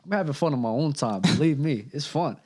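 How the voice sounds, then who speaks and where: A man's voice: fairly high pitch, lively intonation, fairly quick, darkish tone. A young man, a podcast guest, talking casually in slang and swearing freely, nervous and with the hiccups. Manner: slangy, swears freely, says bro a lot. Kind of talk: casual chat.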